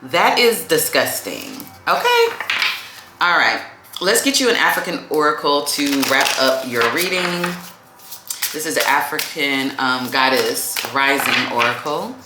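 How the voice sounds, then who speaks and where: A woman's voice: sits low, animated, a little slow, background noise. A woman giving a casual tarot reading to camera. She is chatty, calls the viewer "baby" and says "like" a lot. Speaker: tarot reader. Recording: echoey room.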